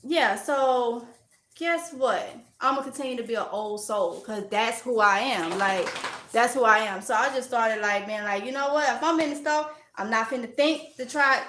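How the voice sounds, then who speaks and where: A woman from Mississippi with a Mississippi accent, chatting loudly and outspokenly as a vlogger answering viewer comments. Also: a little high. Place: at home while organizing. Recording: echoey room.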